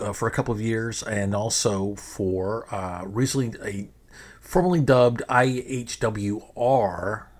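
Rambling, profane podcast host, man. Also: on the low side. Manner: rambling, profane, frequent restarts. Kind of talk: casual podcast monologue.

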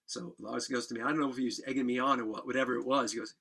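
A man guest on a podcast, telling a wild story in a casual, animated way, swearing and laughing as he goes. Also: medium pitch, fast talker, creaky, few pauses, husky.

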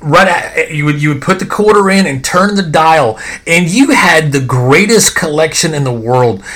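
A middle-aged man hosting a podcast, telling nostalgic stories in a rambling, animated way full of fillers and restarts. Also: fairly high pitch, moderate pace. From American South. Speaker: podcast host. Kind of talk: casual nostalgic storytelling.

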